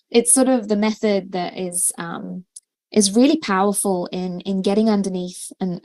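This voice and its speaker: A woman coaches on a livestream, chatting casually with lots of fillers and restarts and laughing often. Her mid-range voice has a darkish tone, and there is no room sound.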